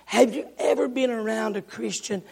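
Folksy preacher with gravelly voice. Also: male voice, high-pitched, normal speed. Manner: folksy storytelling, shouting bursts. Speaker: pastor. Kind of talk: sermon. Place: church sanctuary. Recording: echoey church hall.

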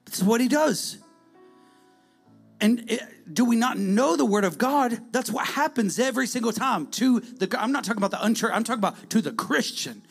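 A preacher with a high, gravelly voice moves at a moderate pace, swinging vividly between loud calls and hushed, near-whispered lines. Soft music plays faintly in the background.

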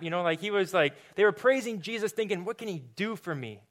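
A man preaching a sermon in a relaxed, conversational way, often repeating words, then leading a prayer. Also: sits high, fast talker, hardly any pauses. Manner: casual, repeats words, filler-heavy preaching. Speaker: pastor.

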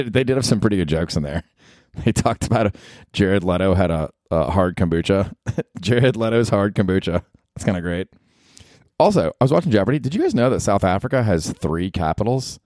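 A man's voice: low voice, lively intonation, a little fast, a little mellow, no room sound, clean studio sound. A man hosting a solo podcast, rambling casually with profanity and self-deprecating asides. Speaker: podcast host.

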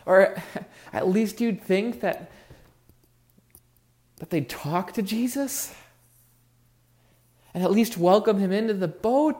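High-voiced earnest male pastor preaching. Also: slow pace, long pauses, dark tone. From Oregon. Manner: earnest, musing, varies emphasis. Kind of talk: sermon.

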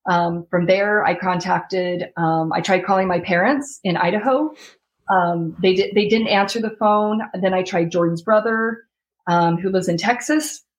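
A woman's voice: on the low side, moderate pace. A young adult woman, an interview guest, recounting a frightening ordeal in an earnest, sometimes tearful way. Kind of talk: emotional storytelling.

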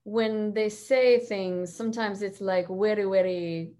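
A woman's voice: mid-range voice, fairly even intonation, a little slow, mellow, natural voice. Woman putting on a thick Russian accent. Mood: mock-serious. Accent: Russian (put on).

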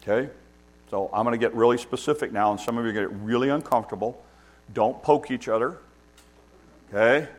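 A man's voice: mid-range voice, fairly even intonation, quick pace. A man preaching a sermon as pastor, emphatic and repeating key points for stress.

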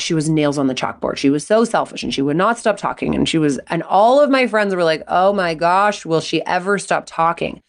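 A middle-aged woman hosting an advice podcast, talking in a chatty, animated way and acting out quotes from her stories. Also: low-pitched. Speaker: podcast host and coach. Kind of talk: casual advice talk.

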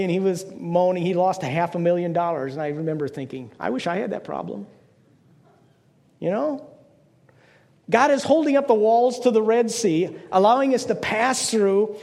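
A man's voice: high voice, a little mellow, big-room sound. An older man preaching a conversational sermon as pastor, playful, slipping into mock voices to make his points.

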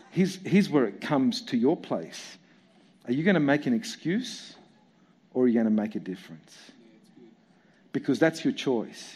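A man preaching a sermon in an animated way, full of rhetorical questions and repetition. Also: mid-range voice. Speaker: pastor.

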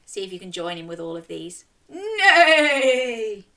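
A young woman reading a children's story aloud and running games, speaking directly to young children in an animated way. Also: lowish voice, fast talker, gravelly.

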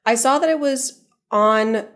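A woman's voice: fairly high pitch, a little slow, fairly bright tone, slight background noise. A woman co-hosting a book podcast in casual chat, recapping a movie in a conversational way. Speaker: podcast co-host.

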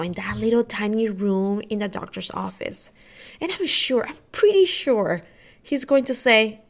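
A woman podcast host telling a personal story, candid and emotional, dropping soft then rising with heat. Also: fairly high pitch. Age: adult with school-age kids. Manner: emotional, candid retelling with soft drops and excited rises.

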